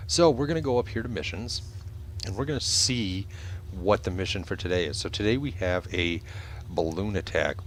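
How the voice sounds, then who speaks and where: A man giving relaxed commentary on a flight game as he plays it, explaining menus with many ums and uhs. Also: low voice, slight background noise. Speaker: gameplay video host. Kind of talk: casual gameplay commentary.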